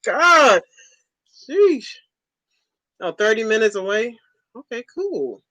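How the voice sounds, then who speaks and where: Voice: mid-range voice, sing-song, slow, pauses often, bright, forceful tone, no echo, low-quality recording. Laid-back livestream host in their forties. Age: 40s. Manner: laid-back, chuckling, repeats short replies. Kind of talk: casual livestream chat.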